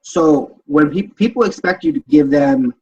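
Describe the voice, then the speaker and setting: A man tells animated stories on a group podcast and slips into the voices of the people in them. He sits away from the mic, his voice a little high for a man, and the sound is muffled and lo-fi. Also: moderate pace, vocal fry. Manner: animated storytelling, acts out quoted voices. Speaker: podcast panelist. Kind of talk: casual group chat. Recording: dull, distant sound.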